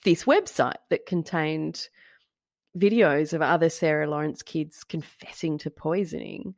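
A woman co-hosting a casual podcast, telling a story with gleeful, animated energy and the odd swear. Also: low voice, a little slow, dry recording, studio quality. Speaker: podcast co-host. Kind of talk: casual chat.

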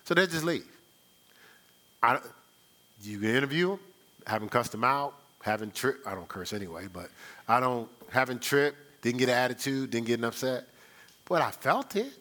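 A male pastor with a mid-range, expressive, sharp-toned voice preaches a live church sermon at a moderate pace with long pauses. His style is conversational and rhetorical, and he often checks in with the congregation by asking "right?".

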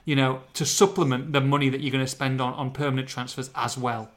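A man hosts a casual football podcast, chatting and joking and often laughing as he tells stories. His voice is medium-pitched and a bit bright, with little pitch movement, and he talks fast.

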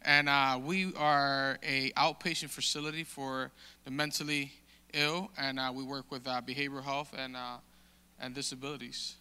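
A man giving a casual, halting testimony in a sermon, with many restarts and fillers. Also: mid-range voice, flat delivery, bright, forceful tone, clear, resonant tone. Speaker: church member sharing testimony. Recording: long hall reverb.

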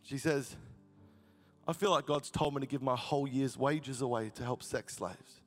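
A man's voice: medium pitch, moderate pace, long reverb tail, soft background music. A man from Australia, preaching a sermon as he tells a personal story in a fervent, storytelling way. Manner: storytelling, grows fervent and emotional. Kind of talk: sermon testimony.

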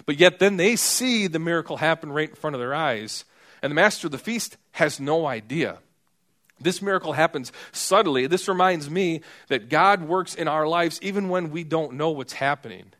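A man's voice: a little high, lively intonation, normal speed, a bit bright. A man preaching a sermon in a conversational way, acting out the people in the story. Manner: conversational, acts out quoted characters.

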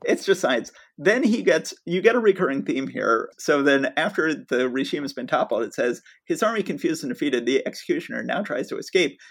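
A man's voice: on the high side, expressive, a little fast, creaky, hardly any pauses. A man co-hosting a podcast, recapping a comic's plot in an enthusiastic, storytelling way. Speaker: podcast co-host.

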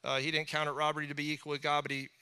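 Bright, smooth-voiced chatty preacher man. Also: fairly high pitch, completely flat delivery, rapid-fire. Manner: chatty, rambling, jokey with acted asides. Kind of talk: casual sermon.

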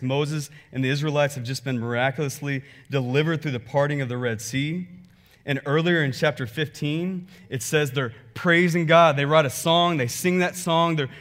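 A man preaching a sermon, conversational and animated, reading scripture and acting out churchgoers. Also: a little high. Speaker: pastor.

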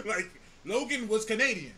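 A man co-hosting a podcast in casual chat, animated, swearing and laughing often. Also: extremely high pitch. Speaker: podcast co-host.

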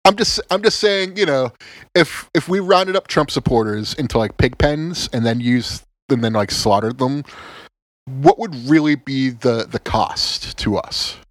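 Unhurried and mid-range in pitch, this man co-hosts a podcast with casual, animated sarcasm and plenty of profanity. He frequently stammers and starts sentences again. The recording is dry.

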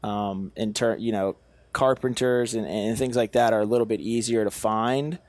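A man's voice: lowish voice, fairly even intonation, normal speed, darkish tone, dry recording. A young man talking as a podcast guest about his business, earnest and self-assured, often restarting his phrases. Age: young adult. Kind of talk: casual podcast chat.

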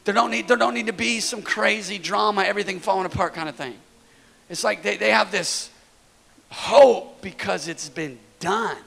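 A man in his thirties preaching a sermon in a church, energetic and storytelling, often repeating words as he builds a point. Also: sits high, normal speed, creaky. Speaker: pastor.

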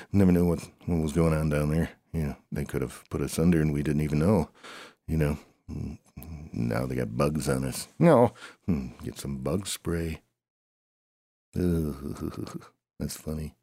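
Deep-voiced man with a gravelly, mellow tone, grumbling comic narration full of sighs. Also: no room sound, clean studio sound. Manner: grumbling, sighing, talks to himself in two alternating voices. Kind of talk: improvised comic narration of a story.

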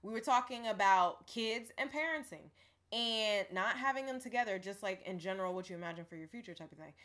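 A young woman co-hosting a casual podcast chat, candid and animated, laughing often. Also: medium pitch, brisk.

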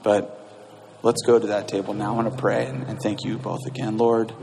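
A man's voice: fairly low pitch, little pitch movement, gravelly. Earnest male pastor in echoey hall. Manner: earnest, halting with restarts. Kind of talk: sermon and communion prayer. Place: church sanctuary.

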